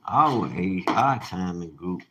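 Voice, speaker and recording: A man's voice: deep voice, animated, slow pace, a bit bright. A man giving a blunt, profane, preachy rant to his viewers, in a noisy recording. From United States. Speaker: self-described teacher. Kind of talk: casual ranting monologue.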